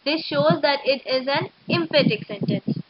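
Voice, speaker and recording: A woman teaching an English grammar lesson to schoolchildren, explaining slowly and methodically. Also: high-pitched, no echo. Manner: slow, explanatory, steady and methodical. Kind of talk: recorded classroom lecture. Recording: dull lo-fi recording.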